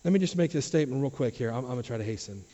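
A man, a pastor, preaching a sermon to his church, dropping to quiet low asides and rising to loud emphatic questions. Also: lively intonation, racing. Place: church sanctuary. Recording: dull sound with long hall reverb.

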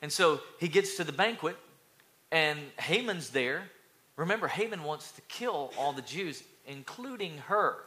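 A male pastor preaching an energetic sermon, calling out to the congregation and building to loud, fired-up passages. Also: fairly high pitch, unhurried.

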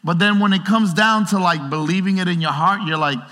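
Animated preacher in a reverberant hall. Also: male voice, high voice, a little fast. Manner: conversational, animated preaching with acted-out quotes. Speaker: pastor. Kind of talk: sermon. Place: large church hall.

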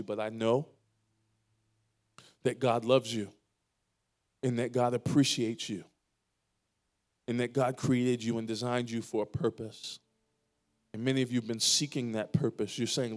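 A man pastor preaching a sermon in a church, building to emphatic, louder lines and dropping to quiet, drawn-out pleas. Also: mid-range voice, flat delivery. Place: church sanctuary.

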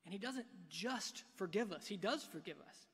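High-voiced man preaching in a reverberant hall. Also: expressive, normal speed, breathy edge. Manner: dynamic preaching, swinging from hushed to loud. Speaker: pastor. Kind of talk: sermon. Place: church sanctuary. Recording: long reverb of a large hall.

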